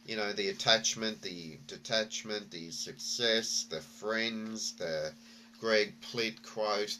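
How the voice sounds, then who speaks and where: A man's voice: lowish voice, slow pace, pushed and bright, a little hiss or hum. A man vlogging, telling a story and reflecting in a rambling way with many fillers and restarts.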